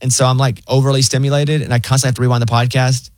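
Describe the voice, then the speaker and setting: A man in his thirties hosting a casual talk show and telling stories in an animated way. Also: mid-range voice, racing, dry recording. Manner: storytelling, animated retelling. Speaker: show host. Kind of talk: casual chat.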